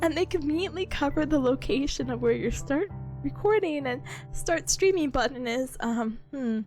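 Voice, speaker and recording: A sick woman streamer talks with a slightly hoarse, high voice that leaps up and down. She is chatty and animated and laughs a lot. Faint music plays quietly behind her. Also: normal speed. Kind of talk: casual chat stream. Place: small rented room indoors. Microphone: streaming setup with headphones on.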